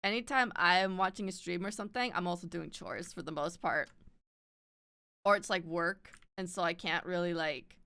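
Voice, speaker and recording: A woman's voice: fairly low pitch, moderate pace, bright, forceful tone, clean tone, dry recording, studio quality. A woman streamer chatting casually while she draws, swearing often and laughing a lot.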